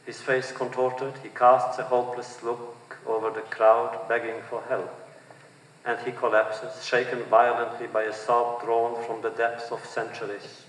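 A man reads his own fiction aloud, measured and expressive. He is picked up from a distance. His voice hangs in a big, echoing auditorium. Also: mid-range voice. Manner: measured, expressive reading that lifts for quoted speech. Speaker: author reading his own novel. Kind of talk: literary reading before an audience. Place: large auditorium. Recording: distant mic in a reverberant hall.

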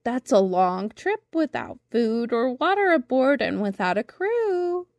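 A woman's voice: fairly high pitch, big pitch swings, measured pace, a little mellow, no echo, clean studio sound. A woman voicing a chorus of humble, timid little shrimps who plead meekly in a storybook reading. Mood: doubtful. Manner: pleading, meek.

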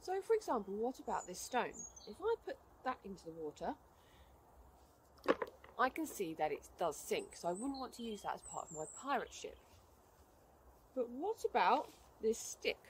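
A woman presenting an outdoor lesson for children, explaining in a lively, upbeat way. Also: a little high, moderate pace, pauses often, slight background noise.

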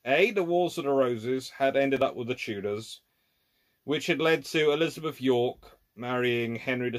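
A man's voice: mid-range voice, a bit bright. A man hosting a live history Q&A, reading out viewers' questions and answering them off the cuff, thinking aloud with restarts and laying out his points as A and B.

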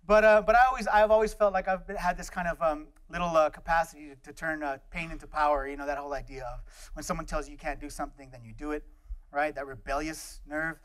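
A man's voice: on the high side, fairly even intonation, fast talker, fairly bright tone. A middle-aged man giving a guest lecture, telling personal stories in a loose, anecdotal way with many fillers and acted-out voices. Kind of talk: storytelling lecture.

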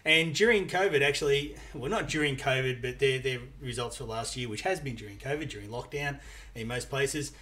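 A man's voice: mid-range voice, a little fast, bright, forceful tone. Chatty man hosting a podcast. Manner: chatty, laughing often, many restarts and fillers. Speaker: podcast host. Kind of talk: casual chat.

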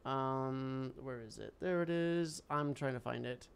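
A man giving casual let's-play commentary as a streamer, excitable and crying out loudly at the game. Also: mid-range voice, measured pace, vocal fry, smooth. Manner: excitable, yelps and cries out at the game. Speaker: gaming streamer. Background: game music.

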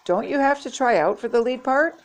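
A woman's voice: high voice, lively intonation, fairly quick, voice pushed up. An older woman reading aloud, voicing a firm grown woman with a pet snake who lectures children. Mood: lecturing.

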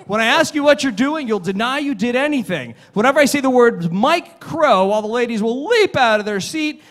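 A man, performing as a stage hypnotist, giving repetitive, commanding suggestions and often laughing. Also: very high-pitched. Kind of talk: live hypnosis show patter. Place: conference stage before a live audience. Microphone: stage microphone, audience not mic'd.

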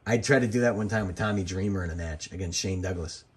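A man's voice: deep voice, fast, breathy edge. A man, a former wrestling referee, giving casual, rambling commentary over old match footage and drifting into jokey side stories.

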